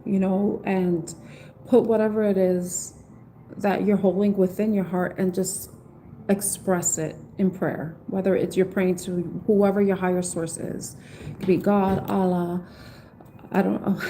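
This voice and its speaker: A woman with a mellow, warm voice hosts a live tarot reading. Her tone is casual and heartfelt as she offers spiritual encouragement. A faint hum of noise sits behind her. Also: mid-range voice, fairly even intonation, normal speed, poor audio. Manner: reads aloud from an oracle book, then explains in her own words. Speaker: tarot reader.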